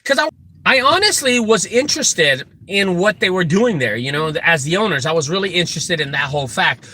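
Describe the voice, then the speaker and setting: A man who runs a junk removal business, telling animated, joking stories full of asides as he gives casual advice. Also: high-pitched, brisk, a little hiss or hum. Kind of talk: casual storytelling advice talk.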